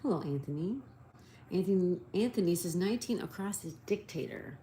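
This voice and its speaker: A woman's voice: lowish voice, expressive, moderate pace, creaky, dark tone, a little hiss or hum. A woman hosting a casual live stream, spelling out answers letter by letter and reading viewer comments aloud.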